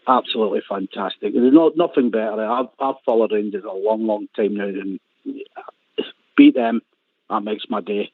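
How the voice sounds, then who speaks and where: A man's voice: medium pitch, no echo. A man talking as a radio pundit in casual phone-in chat, rambling and repeating his words. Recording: tinny phone line.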